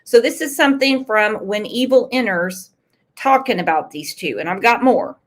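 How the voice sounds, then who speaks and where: A woman's voice: on the high side, normal speed. A woman hosting a true crime commentary show, opinionated and full of rhetorical questions. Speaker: host.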